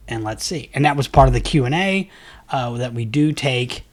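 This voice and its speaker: A man walks through a software setup in a loose, rambling way, full of fillers and restarts. Keyboard typing clicks along behind his voice as he works. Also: mid-range voice, a little fast, noisy background. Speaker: software tutorial host. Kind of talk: screen-recorded software tutorial.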